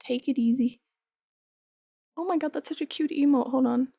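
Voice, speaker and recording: A woman's voice: high voice, normal speed, gravelly, slightly rough, no room sound, clean studio sound. A woman in her thirties streaming while she paints, chatting casually and telling stories, acting out the lines of the people in them and laughing often. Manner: animated storytelling, acts out quoted lines, frequent laughs. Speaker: art streamer.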